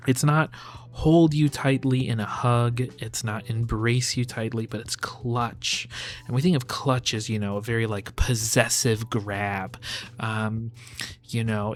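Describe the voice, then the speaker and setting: A man giving a close-reading commentary on song lyrics, thoughtful and hedging, often saying "sort of" and "you know.". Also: mid-range voice. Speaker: host of a lyric analysis channel.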